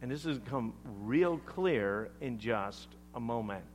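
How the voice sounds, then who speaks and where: A man preaching a sermon as pastor, emphatic and animated, leaning on deliberate pauses. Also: medium pitch, slight background noise.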